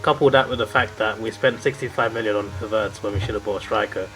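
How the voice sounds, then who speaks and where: A man's voice: fairly low pitch, steady tone, fast, fairly bright tone, slight background noise, rough recording. Chatty young man. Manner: rambling, jokey storytelling with British slang. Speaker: gaming video creator. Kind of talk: casual gameplay chat.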